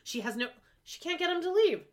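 A woman co-hosting a casual podcast, recapping a reality show with animated exclamations and fillers. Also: extremely high pitch, a little fast. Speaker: podcast co-host.

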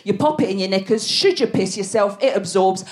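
A woman in her forties performing a brash, animated stand-up routine on a theatre stage. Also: mid-range voice, a little fast. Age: 40s. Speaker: stand-up comedian.

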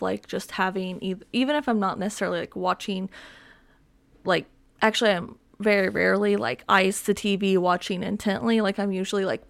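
Her medium-pitched voice has a creaky quality as this young woman hosts a casual solo podcast from her home, dogs nearby. She rambles on, uses lots of filler, and mocks herself.

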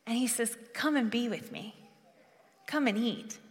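Woman preacher, earnest and conversational, fairly high voice, reverberant hall. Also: measured pace. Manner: earnest, conversational, with frequent restarts. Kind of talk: sermon.

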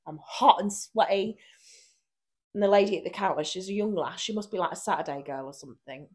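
A woman's voice: mid-range voice, a little fast, husky. Chatty woman telling a story. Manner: animated anecdote-telling with frequent laughter and acted quotes. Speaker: podcast co-host. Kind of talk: casual chat, storytelling.

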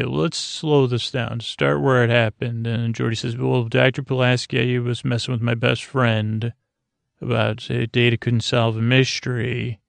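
A man's voice: medium pitch, creaky, no room sound. A man hosting a podcast, giving a sleepy, rambling recap of an episode with many fillers. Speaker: podcast host.

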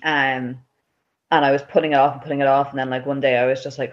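A woman's voice: a bass voice, little pitch movement, fast. Irish girl in her 20s, chatty, says like a lot, laughs easy, slightly muffled audio. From Ireland. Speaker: guest. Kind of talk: casual personal storytelling.

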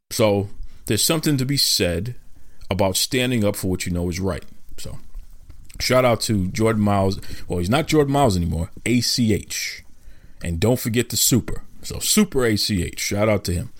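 A man's voice: on the low side, expressive, a little fast, no echo, studio quality. A man hosting a wrestling podcast in a casual monologue, talking in an emphatic, fired-up way and repeating his key points. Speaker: podcast host.

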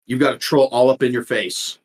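A man running a tabletop game as guest game master, playful and animated. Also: mid-range voice, brisk, breathy edge.

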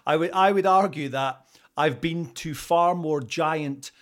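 A man's voice: a little high, measured pace. A man from Scotland with a Scottish accent, chatting as an interview guest, rambling with fillers and restarts and laughing often. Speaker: interview guest, radio presenter. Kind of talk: casual interview chat.

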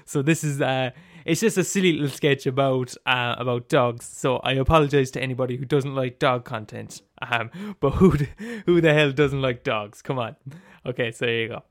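Rambling sketch comedian. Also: male voice, medium pitch, moderate pace, hardly any pauses, no room sound, clean studio sound. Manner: rambling, filler-heavy, ironic gushing. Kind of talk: casual comic monologue.

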